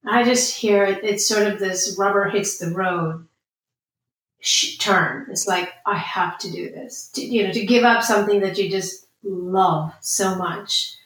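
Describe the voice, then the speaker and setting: A woman's voice: mid-range voice, a little slow, a bit bright. A woman interviewer responding to her guest in an affirming, reflective way. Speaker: interviewer host. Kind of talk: conversational interview. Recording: very echoey room sound.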